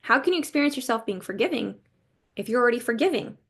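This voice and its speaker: God as a calm, patient storybook voice, as a woman retells the tale in her own soft tone. The voice is a touch lower and quieter than her usual talk, gentle and reassuring. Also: quick pace, breathy edge.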